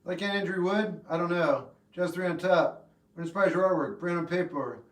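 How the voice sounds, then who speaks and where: Deadpan man, echoey room. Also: high voice, moderate pace. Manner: deadpan, laconic short answers. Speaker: livestream host answering chat. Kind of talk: casual chat. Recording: echoey room with guitar behind.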